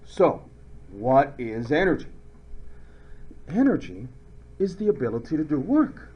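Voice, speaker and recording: A man's voice: fairly high pitch, sing-song, a little slow, husky, dull audio. A man teaching a chemistry lecture in a playful, joking way, acting out little skits to explain ideas. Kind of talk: recorded classroom lecture.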